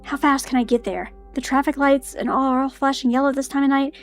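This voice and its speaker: A woman reading first-person narration for a tired young woman detective in a visual novel game, brisk and flat. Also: high voice, faint music behind.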